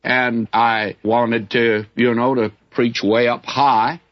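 A man's voice: mid-range voice, little pitch movement, takes it slowly. An older man teaching the Bible in a sermon, candid and folksy, telling stories from his own ministry. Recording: dull lo-fi recording.

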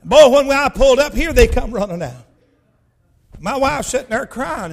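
A male pastor, telling a personal story in a sermon in a folksy, emphatic way that bursts into shouting. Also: very high-pitched, expressive, moderate pace, creaky.

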